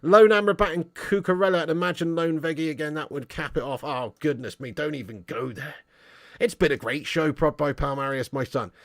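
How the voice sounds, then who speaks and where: A man's voice: fairly high pitch, fairly quick. A man hosting a football livestream, chatting casually, joking and laughing with British slang as he reads viewer messages. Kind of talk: casual livestream chat reading super chats.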